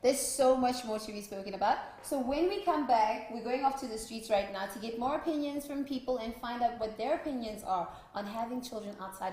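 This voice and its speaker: A woman's voice: fairly high pitch, darkish tone. A woman hosts a youth show, asking questions and announcing the next segment in a direct, upbeat way. Her voice carries a roomy echo, and there is faint noise in the background. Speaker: host. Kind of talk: TV show presenting and interviewing.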